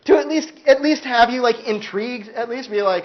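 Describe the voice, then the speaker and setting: A male philosophy lecturer talks conversationally to his university class, saying "like" a lot and performing quoted voices. He speaks briskly in a very high voice with hardly any pauses, captured on a muffled recording.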